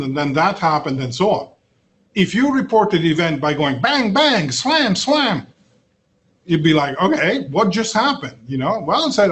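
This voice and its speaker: A middle-aged man lectures a university class, his voice sitting a touch higher than most men's. He keeps checking in with his listeners and pauses on filler sounds as he works through his points. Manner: frequent "okay?" and "right?" checks, many filler uhs.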